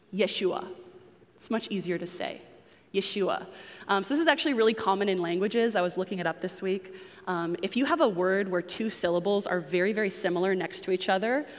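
A woman from New England giving a conversational teaching sermon and putting questions to the congregation. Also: mid-range voice. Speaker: preacher. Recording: long reverb of a large room.

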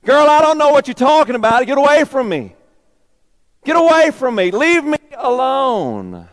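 A man voicing Peter as a boastful, self-reliant grown man who insists loudly. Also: on the high side, normal speed, no echo, clean studio sound, natural voice. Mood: angry denial. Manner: loud, insistent denials.

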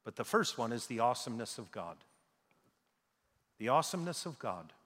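A man's voice: mid-range voice, very animated, a little fast, fairly bright tone. A man preaching a sermon, reading scripture dramatically and stressing key words. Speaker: pastor. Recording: long hall reverb.

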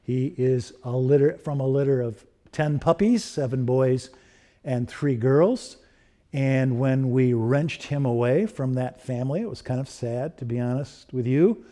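A middle-aged man preaching a sermon, building through repeated rhetorical questions and softening into personal stories. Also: medium pitch, measured pace. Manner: rhetorical questions, rising emphasis. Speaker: pastor.

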